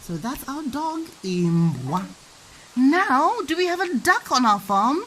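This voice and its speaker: A woman with a high, fairly bright, sing-song voice teaches her small child with toys, taking it slowly. Amid slight background noise on a low-quality recording, she asks coaxing questions and playfully mimics animals.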